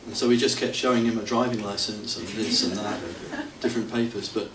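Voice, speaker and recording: A man's voice: on the low side, fairly even intonation, brisk. A middle-aged man with a rambling, self-mocking manner, telling stories to an audience and often chuckling. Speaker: devotee telling stories at a temple anniversary. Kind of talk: anecdotal storytelling to an audience. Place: temple hall. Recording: roomy, distant hall mic with faint hiss.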